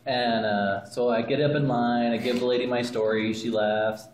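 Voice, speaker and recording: A man's voice: medium pitch, fairly even intonation, moderate pace. A man casually telling a long anecdote, rambling and often laughing as he goes, filmed on a phone. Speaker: storyteller. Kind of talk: casual anecdote told to family. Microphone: phone camera. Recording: echoey room with background noise, phone video.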